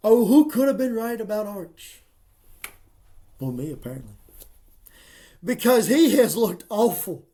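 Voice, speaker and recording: An excitable man talks through his college football picks in a folksy, emphatic manner. His voice sits a little high for a man, and he leans hard into his predictions. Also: measured pace, long pauses. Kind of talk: casual sports picks monologue.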